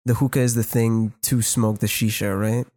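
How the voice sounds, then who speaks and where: A man's voice: on the low side, little pitch movement, moderate pace, darkish tone, no echo, studio quality. A young man from Canada, co-hosting a podcast, rambling through a story with lots of fillers, restarts and swearing. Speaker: podcast co-host. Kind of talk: casual storytelling chat.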